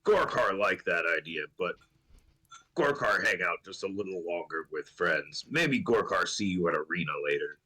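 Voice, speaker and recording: A brawny arena brute voiced by a man, always up for a challenge and speaking in simple caveman grammar. His voice is low yet tense and bright. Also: lively intonation, moderate pace, heavily acted. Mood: eager. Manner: caveman grammar, third person. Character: brawny male arena brawler, eager for fights.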